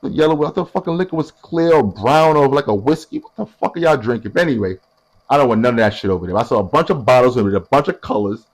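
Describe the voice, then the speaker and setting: A young man telling a story casually, animated and profane, acting out what other people said. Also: medium pitch, quick pace.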